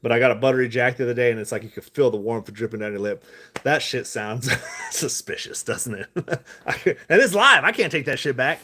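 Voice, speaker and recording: A man's voice: medium pitch, lively intonation, a little fast, bright, forceful tone. A man talking casually on a live stream about stocks, loose and profane, drifting off topic with laughing asides. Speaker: stock-talk vlogger. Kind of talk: rambling live stream chat.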